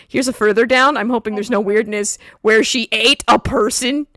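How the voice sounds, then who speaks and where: A woman hosting a casual stream, chatting in an animated way and laughing often as she explains things from her home setup. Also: a little high, brisk, no echo, studio quality. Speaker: streamer host.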